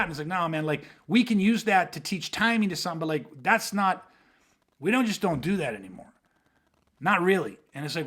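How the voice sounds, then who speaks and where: A man's voice: high-pitched, lively intonation, brisk, a bit bright. A man, a self-defense instructor, telling stories in a casual podcast chat, rambling and swearing, with lots of "you know what I mean".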